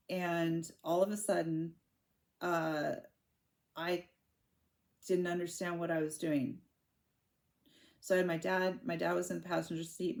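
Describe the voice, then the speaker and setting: A woman in her forties telling her own story to camera in a candid, halting way, often restarting her sentences. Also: lowish voice, creaky, darkish tone. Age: 40s.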